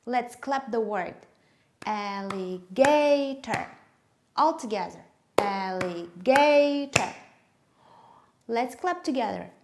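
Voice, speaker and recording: A woman, a native Kyrgyz speaker, leading a teaching demonstration in English, drilling words slowly and clearly. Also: fairly high pitch, sing-song, background noise.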